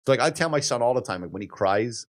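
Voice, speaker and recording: A man in his thirties co-hosting a casual podcast chat, telling lively stories, acting out quoted voices and laughing often. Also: mid-range voice, quick pace. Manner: animated storyteller, acts out quoted voices, swears and laughs often. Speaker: podcast co-host.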